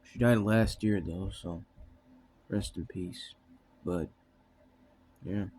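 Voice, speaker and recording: A young man talking to his viewers in a loose, rambling monologue, his voice sitting a little low. He drifts from thought to thought, trails off mid-sentence and leans on fillers and swearing. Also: steady tone, takes it slowly, darkish tone, slight background noise. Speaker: vlogger.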